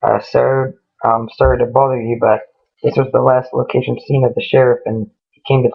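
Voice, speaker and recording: A stern deputy , put on by a man retelling a ghost story, lays things out in a flat, matter-of-fact official tone. The voice is gravelly and creaky. The sound is tinny, like a phone line. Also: mid-range voice, moderate pace. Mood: polite. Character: stern adult male deputy.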